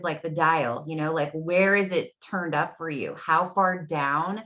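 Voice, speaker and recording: A woman's voice: sits low, unhurried, a bit bright, muffled recording. A woman in her thirties, an energy healing coach, chatting casually and rambling to her audience from her home, with lots of fillers. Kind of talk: casual solo talk to camera. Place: home room. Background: dogs barking.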